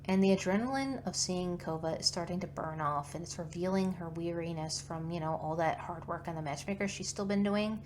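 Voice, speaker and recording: A woman casually narrating her characters' actions in a tabletop game, with relaxed asides. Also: fairly low pitch, a little hiss or hum.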